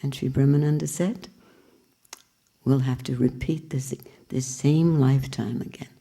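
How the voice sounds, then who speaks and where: A woman's voice: very deep voice, fairly even intonation, unhurried, dark tone, husky. A woman teacher giving a spiritual talk with storytelling, earnest and reflective.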